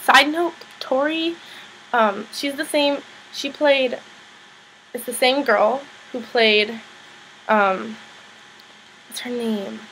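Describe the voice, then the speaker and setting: A woman's voice: on the high side, takes it slowly, long pauses, a bit bright, slight background noise, rough recording. A woman casually recapping a TV episode, rambling with lots of fillers and blunt opinionated asides. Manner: rambling, filler-heavy, chatty.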